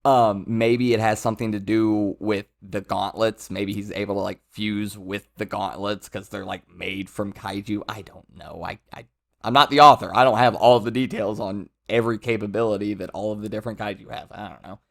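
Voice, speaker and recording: A man's voice: fairly low pitch, fairly even intonation, moderate pace, creaky, a bit bright. A man giving casual commentary as a manga reviewer, rambling with self-interruptions and amused asides.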